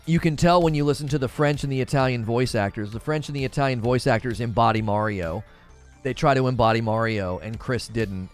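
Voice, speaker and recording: Male gaming livestream host, casual and opinionated, lively pitch, faint music bed. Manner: animated, opinionated, thinks aloud; briefly mimics cartoon voices in a high falsetto. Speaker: gaming news host reading live chat.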